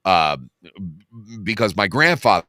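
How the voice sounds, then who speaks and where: A young man talks on a casual podcast in a deep voice with a bright, forward edge. He stumbles and restarts often, filling the gaps with fillers. The sound is dry and close. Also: very animated, no echo. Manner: halting, many restarts and fillers. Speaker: podcast co-host. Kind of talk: casual chat.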